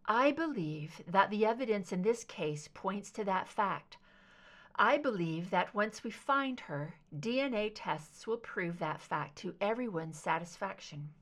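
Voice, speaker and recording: A woman voicing a calm, firm female FBI agent in an audiobook, speaking steadily and low. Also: measured pace. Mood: steady.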